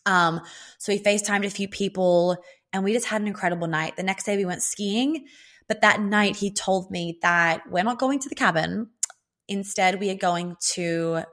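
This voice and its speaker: A young woman telling a personal story in a casual, excited, rambling way, swearing now and then. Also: medium pitch, moderate pace. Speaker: vlogger.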